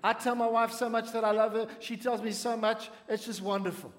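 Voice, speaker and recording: A man preaching a sermon to a congregation, speaking in measured phrases and asking the audience to respond. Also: high-pitched, steady tone, reverberant, long reverb tail. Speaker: pastor.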